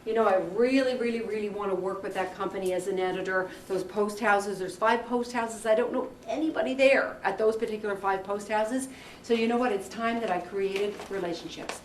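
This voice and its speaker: A woman's voice: mid-range voice, brisk. Woman workshop leader, chatty and anecdotal, recorded from a distance in an echoey room with faint room noise. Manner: chatty, anecdotal, animated storytelling with laughs. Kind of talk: teaching a career workshop to a group.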